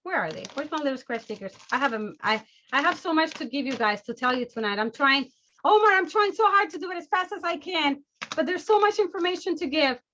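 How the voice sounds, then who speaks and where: A bubbly, excitable woman runs a sales training session over a video call, her voice high and bright. She stays at high energy the whole time. The audio is slightly dull and lo-fi. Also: a little fast, a little hiss or hum.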